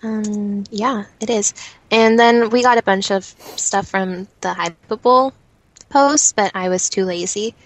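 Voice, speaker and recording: A woman's voice: medium pitch, a little slow, dry recording, rough recording. Brief: giggly woman co-host, rambling with fillers, dry close mic. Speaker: podcast co-host. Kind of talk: casual chat.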